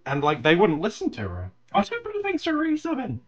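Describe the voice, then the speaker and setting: A man's voice: high voice, wildly swooping pitch, brisk, highs cut off. A man streaming while he draws, chatting casually with viewers, thanking them and telling stories with plenty of laughter. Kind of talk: casual chat while drawing.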